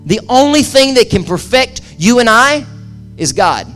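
A male pastor with a notably high voice delivers a passionate sermon to his congregation. He repeats phrases for emphasis and swings between forceful cries and quiet, intimate asides. Soft music plays faintly beneath him. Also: very animated, measured pace. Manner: impassioned, swings from loud to hushed, repeats phrases. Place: church service with live audience.

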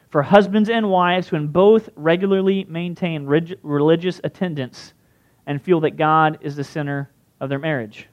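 A man with a fairly high voice delivers a sermon in a relaxed, conversational way. He often turns to his listeners with quick questions. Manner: conversational, asks the crowd questions. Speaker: pastor.

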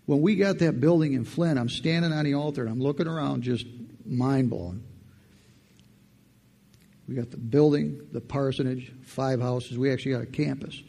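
A man preaches a personal testimony in church, his voice gravelly with fry. He talks plainly through the story and then winds up into energetic exhortation. The tone is dark and a little husky. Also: medium pitch, moderate pace. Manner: animated, builds to fired-up preaching. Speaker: lay preacher. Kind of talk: testimony sermon.

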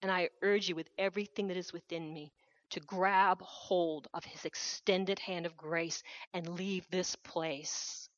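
A woman's voice: fairly low pitch, steady tone, measured pace, dry recording, muffled recording. Earnest woman preaching a missionary sermon. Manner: earnest, urgent appeal with repeated phrases. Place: church hall.

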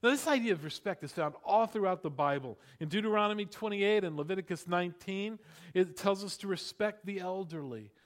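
A middle-aged man preaching a sermon in a lively, conversational way, with frequent asides to the congregation. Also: sits high, brisk. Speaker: pastor. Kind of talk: sermon with storytelling.

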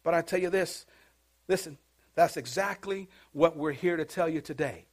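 A man preaching a sermon in church, dropping to a hush and rising to loud calls, coaxing responses from the congregation. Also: on the high side, moderate pace. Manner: swings from hushed to shouting, call-and-response preaching. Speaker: pastor.

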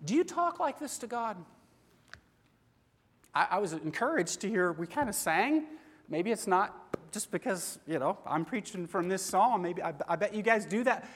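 A middle-aged male pastor speaks in a high, light voice, earnest and conversational, turning often to questions for his listeners. His sermon rings out in a long, reverberant church hall. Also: lively intonation, moderate pace, slightly rough.

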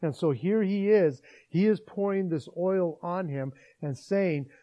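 A man preaching a sermon, retelling a Bible story as a lively storyteller. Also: high-pitched, unhurried, dull audio. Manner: animated storyteller acting out scenes.

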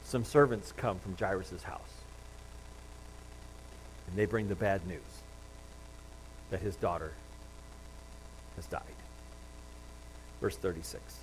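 A man preaching a sermon, retelling a Bible story with lively acted-out quotes and frequent restarts. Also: sits low, takes it slowly, long pauses, slight background noise, low-quality recording. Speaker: pastor.

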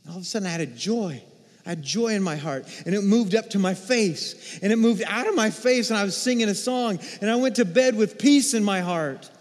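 A man with a high voice for a man preaches a storytelling sermon. He shifts between quiet, hushed stretches and excited peaks. His voice rings out in a reverberant church hall. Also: fairly quick. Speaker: pastor.

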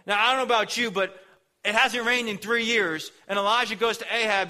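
A man's voice: very high-pitched, fast talker, pushed and bright. A young man preaching a casual, slangy sermon, retelling a story and acting out the characters' voices.

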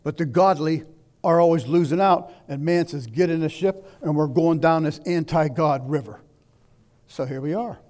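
An older man preaching a sermon, swinging between loud declaiming and hushed asides. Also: a little high, moderate pace.

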